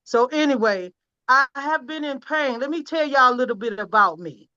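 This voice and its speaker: A woman's voice: high-pitched, lively intonation, moderate pace, sharp tone, muffled recording. A woman giving an earnest, emphatic personal testimonial from home over a video call. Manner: earnest, emphatic, close to tears at times. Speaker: product testimonial speaker.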